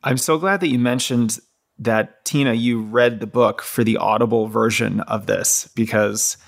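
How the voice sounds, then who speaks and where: A man's voice: mid-range voice, fairly even intonation, measured pace, vocal fry. A man hosting a running podcast, talking in an enthusiastic, friendly way with some filler words. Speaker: podcast host. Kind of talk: casual podcast interview.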